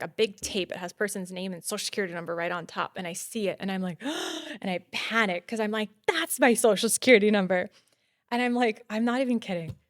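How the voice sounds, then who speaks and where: A woman in her thirties telling a story as a podcast guest, acting out dialogue and growing loud and high when excited. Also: no echo, studio quality.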